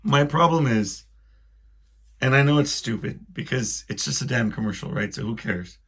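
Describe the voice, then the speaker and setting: Gravelly man rambling on a podcast. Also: mid-range voice, moderate pace, fairly bright tone. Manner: rambling, self-deprecating, wry complaints. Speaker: podcast host. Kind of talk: casual solo monologue.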